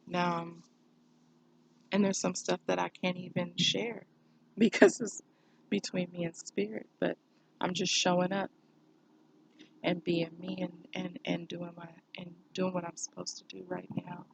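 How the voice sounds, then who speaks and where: A woman's voice: fairly low pitch, level tone, measured pace, vocal fry, pauses often, slight background noise, low-quality recording. A woman talking candidly to camera in a personal vlog, reflective and meandering. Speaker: vlogger.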